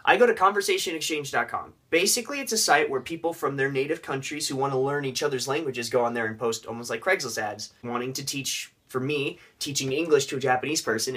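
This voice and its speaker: A man's voice: medium pitch, fairly bright tone, husky. A young man casually vlogging tips on learning a language, with joking, rambling asides.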